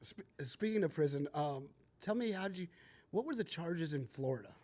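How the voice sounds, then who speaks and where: A man's voice: on the high side, lively intonation, normal speed, darkish tone. A man interviewing a guest, reacting briefly and laughing along. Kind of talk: casual interview.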